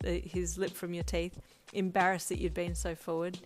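A woman reading a fanfiction story aloud as narrator, steady and storytelling. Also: fairly low pitch, moderate pace, hardly any pauses. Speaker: fanfiction reader. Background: faint lo-fi drum music.

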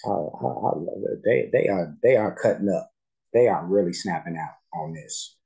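A man with a very low voice talks casually as a music reaction host. His delivery is soft-spoken and halting, as if he is thinking out loud between plays of the track. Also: vocal fry, low-quality recording.

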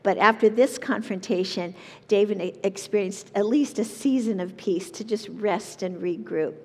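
A woman leading a Bible study, reading verses aloud and explaining them in an earnest, measured way. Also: mid-range voice, a little mellow, in a large hall. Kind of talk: reading and teaching scripture.

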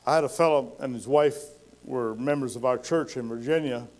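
A pastor with a mid-range, darkish voice speaks fairly quickly, spinning folksy sermon stories. When quoting people he acts them out, his intensity rising.

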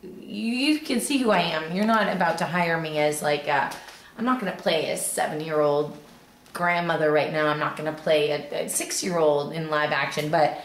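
A woman's voice: low-pitched, steady tone, moderate pace, echoey room, a little hiss or hum. A woman voice actor chatting in an interview, with a youthful but not girly voice, laughing easily and talking in loose restarts. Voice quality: young-sounding voice, not girly. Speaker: voice actor guest. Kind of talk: casual interview chat.

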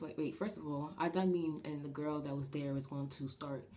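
A woman's voice: deep voice, steady tone, moderate pace, warm tone. A young woman with a New Jersey accent, telling a story in a casual vlog, rambling with lots of fillers and restarts. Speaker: vlogger.

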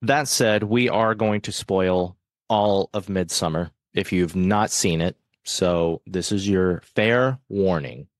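A man's voice: sits low, slow, no echo, clean studio sound. A man hosting a podcast in casual chat, friendly and joking with his co-host.

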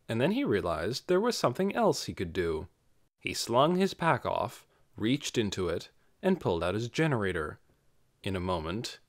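A man reading an audiobook chapter aloud as its narrator. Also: lowish voice. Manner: expressive storytelling. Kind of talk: scripted narration.

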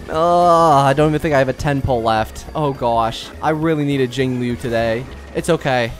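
A young man doing casual, self-mocking commentary while pulling on a gacha game, pleading and bargaining with it as he goes. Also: medium pitch. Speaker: gaming YouTuber.

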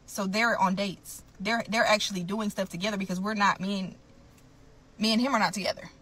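A woman's voice: mid-range voice, fairly even intonation, a little fast, fairly bright tone. A woman telling her own story to camera, blunt and emphatic, often calling out to her viewers.

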